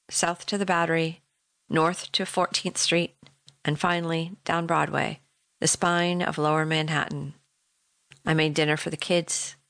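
Middle-aged woman, measured and reflective memoir reader, deep voice, dry studio sound. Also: fairly bright tone, dry recording. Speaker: narrator. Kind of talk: audiobook memoir narration.

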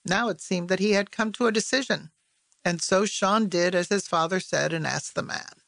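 A woman narrating literary fiction as an audiobook, in a measured, even storytelling voice on a close mic. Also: on the low side, gravelly, no echo.

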